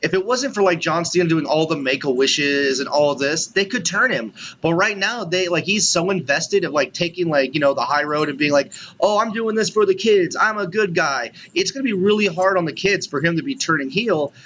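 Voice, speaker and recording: A man's voice: a little high, animated, brisk, few pauses, fairly bright tone, muffled recording, a little hiss or hum. A man co-hosting a podcast in casual chat, rambling with lots of "you know" and "like". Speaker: podcast co-host.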